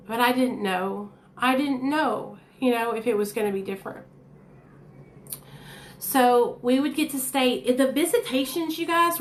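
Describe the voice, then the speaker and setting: A woman telling her own story to her viewers in a candid, blunt, chatty way. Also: on the high side. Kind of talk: casual storytelling to camera. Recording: echoey room.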